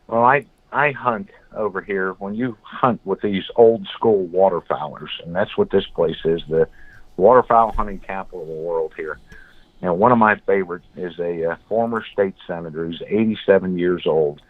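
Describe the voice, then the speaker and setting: A man guest in an interview, telling blunt, animated stories and acting out what others said. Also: low-pitched, moderate pace, no echo. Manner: blunt, animated storyteller, acts out quotes. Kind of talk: storytelling in an interview. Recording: phone-like, dry call audio.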